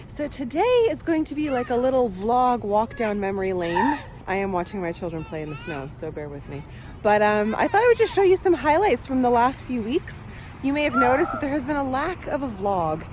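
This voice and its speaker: Chatty candid mom vlogger. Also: female voice, on the high side, slight background noise. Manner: candid, chatty, lots of "like" fillers. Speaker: vlogger and mother. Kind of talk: casual family vlog chat.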